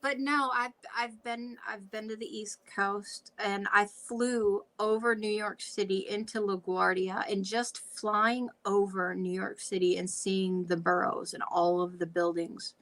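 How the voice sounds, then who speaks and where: A woman from Michigan's Upper Peninsula hosting a casual chat, blunt and quick to swear, laughing often. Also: mid-range voice, fairly even intonation, a bit bright, low-quality recording. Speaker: vlog host.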